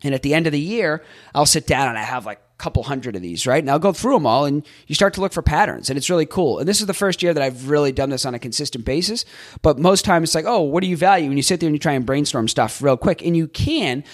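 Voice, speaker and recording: A man hosting a podcast, recapping on his own in a chatty way, thinking out loud and tossing in rhetorical questions. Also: fairly high pitch, lively intonation, quick pace. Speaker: podcast host.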